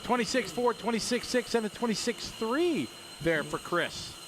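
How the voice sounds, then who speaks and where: A man from Wisconsin calls a race live in a chatty, upbeat way, joking with viewers and his co-host. His voice sits a little high, with faint noise underneath. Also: expressive, normal speed. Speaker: race commentator.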